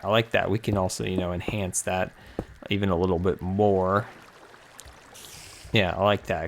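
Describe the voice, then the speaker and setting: A young man casually commenting on his own game tutorial, musing aloud, repeating phrases, a little out of breath. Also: fairly low pitch. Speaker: Minecraft YouTuber.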